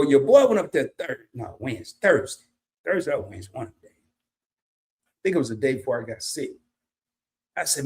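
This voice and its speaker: A man's voice: fairly high pitch, a little mellow. A man, telling a casual story on his live stream and greeting chatters by name.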